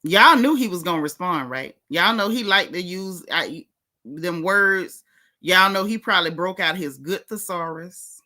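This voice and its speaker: A woman's voice: lowish voice, lively intonation, a little slow, bright, forceful tone. A woman hosting a gossip vlog, talking straight to her viewers in sassy, teasing, slangy casual speech. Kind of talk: casual celebrity gossip commentary.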